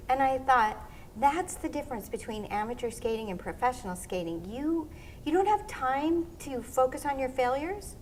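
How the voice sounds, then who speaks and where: Lively high-voiced woman telling stories. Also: moderate pace, slight background noise. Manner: animated storyteller, acts out quotes. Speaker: interview guest, former pro skater. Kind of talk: casual storytelling interview.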